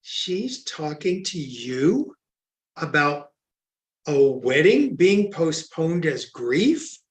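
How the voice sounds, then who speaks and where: A man's voice: fairly high pitch, big pitch swings, extremely slow, full character voice. A man voicing his disbelieving best friend. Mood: incredulous. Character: incredulous male best friend. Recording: echoey room.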